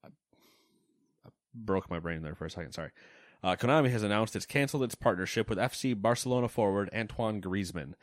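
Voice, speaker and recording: A man's voice: on the low side, fast, no room sound, studio quality. A man hosting a podcast, reading news items and making wry, joking asides in casual chat. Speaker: podcast host.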